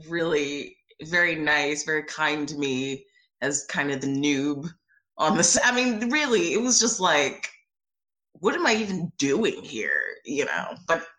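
A woman being interviewed about her first film, telling animated stories, laughing often and acting out what people said. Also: lowish voice, reverberant. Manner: bubbly, laughs often, acts out quoted voices. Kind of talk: animated anecdotal storytelling.

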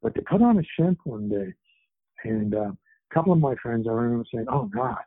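A man's voice: medium pitch, big pitch swings, fairly quick, no echo. A man in his seventies, an author who was born in England and raised in Canada, chatting in a rambling way with many fillers as an interview guest over a tinny phone line. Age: 70s. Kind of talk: casual interview chat.

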